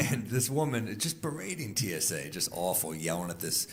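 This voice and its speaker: A man telling jokes in a stand-up set, with a dry, deadpan delivery. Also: sits low, moderate pace, a little hiss or hum. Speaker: stand-up comedian.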